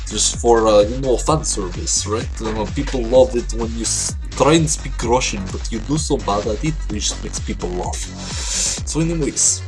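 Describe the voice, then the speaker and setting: A young man with a mid-pitched voice hosts a loose anime review vlog. He rambles through his picks, trips over fillers and throws in crude jokes. Faint music plays behind him. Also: fairly bright tone. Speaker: vlogger ranking anime.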